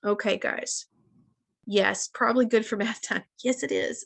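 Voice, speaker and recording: A woman's voice: mid-range voice, fairly even intonation, unhurried, vocal fry. A woman in her thirties leading a casual live wellness session over a video call, chatty and often addressing her listeners as guys.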